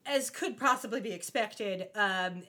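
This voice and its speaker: A woman co-hosting a podcast, recapping a show in an animated, expressive way with frequent laughs. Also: medium pitch, unhurried. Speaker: podcast co-host. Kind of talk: casual chat recapping a TV show.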